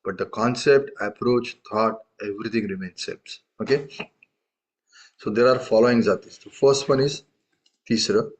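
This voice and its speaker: A man with a lower voice teaches a live tabla lesson at normal speed, explaining patiently and often checking in with questions. The audio is dull and lo-fi.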